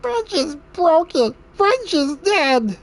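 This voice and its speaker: A hunched little goblin tinkerer, squealing in a squeaky, gollum-like whine far above a normal voice. He is frantic and childish, wailing and gushing over his beloved tools. The timbre is pinched and strange. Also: sing-song, slow, full character voice. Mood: grief-stricken. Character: hunched little male goblin tinkerer, wrench-obsessed, volatile.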